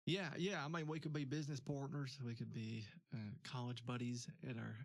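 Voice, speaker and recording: A man's voice: medium pitch, level tone, brisk, gravelly, dry recording. A man hosting a stream, chatting casually, laughing often, with many fillers. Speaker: streamer host. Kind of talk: casual chat.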